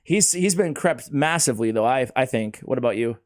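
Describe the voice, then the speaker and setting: A man hosting a casual gaming chat, excitable and laughing often, talking like he's with a buddy. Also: mid-range voice, fairly quick. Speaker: host.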